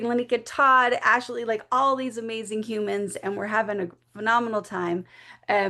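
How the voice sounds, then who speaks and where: A woman with a gravelly, fry-edged voice tells a personal story in an interview. She talks in a candid, animated and emotional way. Her pitch sits at a middle level for a woman. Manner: acts out voices when quoting people. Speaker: guest.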